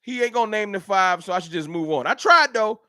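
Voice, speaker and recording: Animated trash-talking man on a livestream. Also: sits high, fairly quick, no echo, clean studio sound. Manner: trash-talking, animated, reads chat aloud. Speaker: livestream host. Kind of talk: casual livestream sports banter.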